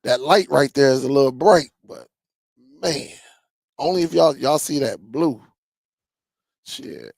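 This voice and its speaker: Male stream host, unhurried and gravelly, casual slangy banter with chat, dry close sound. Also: mid-range voice, a little mellow, dry recording. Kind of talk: casual live-stream chat reading comments.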